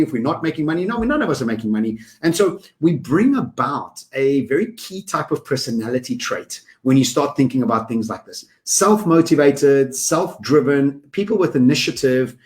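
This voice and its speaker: A man co-hosting a podcast in casual conversation, energetic and given to quick lists. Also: a little high. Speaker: podcast co-host.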